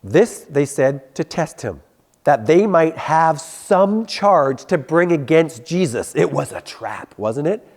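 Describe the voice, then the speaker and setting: A young adult man, a youth pastor, preaches a youth sermon in a slightly high, slow voice. He's animated, telling stories, acting out voices, and laughing at his own tales.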